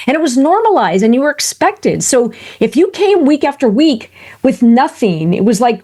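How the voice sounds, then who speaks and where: An animated woman telling stories as a podcast guest. Her voice sits fairly high and swings widely in pitch, and she fills her talk with quick jokes and asides. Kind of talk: lively conversational interview.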